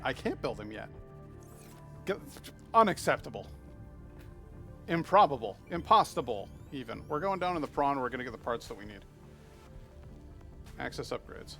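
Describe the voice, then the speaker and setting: A man live-streaming a video game, chatting playfully with viewers and cooing at the creatures on screen. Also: mid-range voice. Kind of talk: casual live-stream chat while playing.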